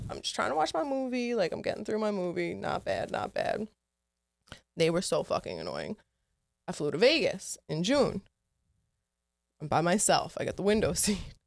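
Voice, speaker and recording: A woman co-hosts a podcast, trading travel stories in casual conversation, swearing often and acting out the people she quotes. She calls herself a yapper, and her voice is medium-pitched and gravelly.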